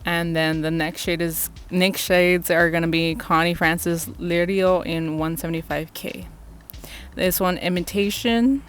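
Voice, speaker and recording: A young woman vlogger casually reviewing makeup, gushing and excitable and swearing freely. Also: on the low side, a little slow. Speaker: beauty vlogger.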